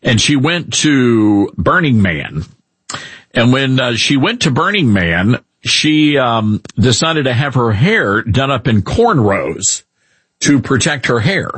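Animated middle-aged male radio host. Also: medium pitch, slow, husky, no echo. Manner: animated, joking, rambling. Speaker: radio talk show host. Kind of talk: casual opinion talk.

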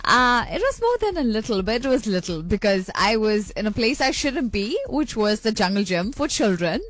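A woman's voice: medium pitch, sing-song, moderate pace. A woman presenting a radio show, chatty and bubbly, reading out listener messages and laughing easily. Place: radio studio.

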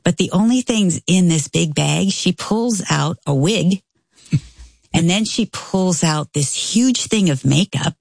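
Low husky lady telling a story, gravelly, dry close sound, does the voices. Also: slow, no room sound. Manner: animated, acts out quoted voices. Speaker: storyteller guest. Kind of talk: casual storytelling.

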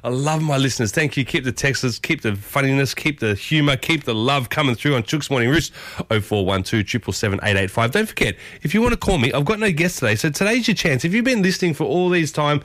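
A man with an Australian accent hosting a morning radio show, chatty and upbeat, often jumping up in pitch. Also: expressive, fast, a bit bright, no room sound. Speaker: radio host. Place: radio studio. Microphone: studio microphone.

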